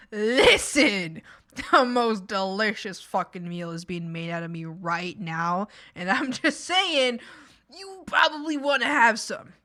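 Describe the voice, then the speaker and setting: A woman voicing the pushy ghost of a chicken being cooked, talking in a hushed, conspiratorial way. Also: medium pitch, slow. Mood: wheedling.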